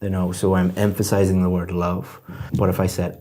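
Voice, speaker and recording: A deep, mellow male voice talks through feedback as an examiner would. He is patient and explanatory, pausing to act out sample sentences. The tone is that of a one-on-one tutoring session. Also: level tone. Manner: patient, explanatory, demonstrates phrases aloud. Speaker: IELTS examiner giving feedback.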